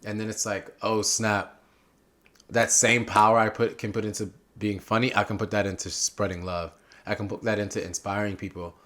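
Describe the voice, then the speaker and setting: A young man talks as a podcast guest in an animated, rambling way, drifting off on tangents as he goes. His voice is low-pitched but bright and ringing, and his level swings up when he gets excited. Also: moderate pace. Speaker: podcast guest, political candidate. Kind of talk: casual interview chat.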